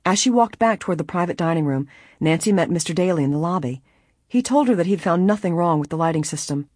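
An audiobook reader narrating a mystery story in a measured way, with a breathy voice. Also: medium pitch, expressive, darkish tone, dry recording, clean studio sound. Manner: measured storytelling, voicing each character. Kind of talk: scripted narration.

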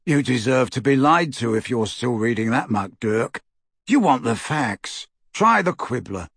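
A man's voice: medium pitch, animated, a little slow, gravelly, a bit bright, slightly rough, dry recording, clean studio sound, full character voice. A man voicing a blunt, frank middle-aged wizard in a storybook reading, confiding and scornful.

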